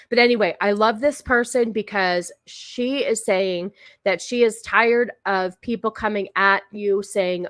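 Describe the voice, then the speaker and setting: A woman's voice: medium pitch, no echo, studio quality. A woman hosting a casual live stream, talking in a chatty, rambling way with many fillers and restarts. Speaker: streamer host.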